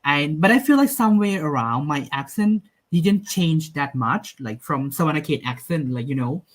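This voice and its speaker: A man's voice: a little high, expressive, normal speed. Lao-accented man, hesitant and searching. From Laos. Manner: hesitant, frequent fillers, restarts. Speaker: guest. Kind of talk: casual conversation.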